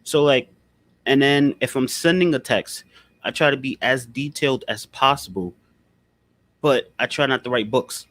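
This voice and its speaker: A man's voice: medium pitch, normal speed, fairly bright tone, no echo. A man in casual conversation, blunt and profane, who repeats his points for emphasis. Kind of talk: casual chat.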